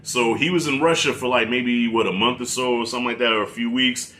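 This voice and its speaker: A man gives a casual, animated film review in a bright, forward voice. He talks informally and often stops and restarts mid-thought. His pitch sits in the middle range. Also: quick pace, a little hiss or hum. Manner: animated, chatty, frequent restarts. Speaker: guest movie reviewer.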